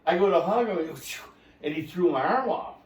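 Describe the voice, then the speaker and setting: A man hosting a podcast, telling a story in a lively, laughing way and acting out quotes. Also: sits high, fast talker. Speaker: podcast host. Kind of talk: casual storytelling chat. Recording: roomy, distant mic.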